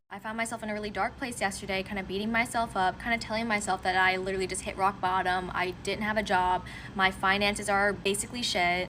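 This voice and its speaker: Emphatic woman over a noisy background. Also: mid-range voice. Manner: emphatic, preachy pep talk. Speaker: storyteller. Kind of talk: casual storytime.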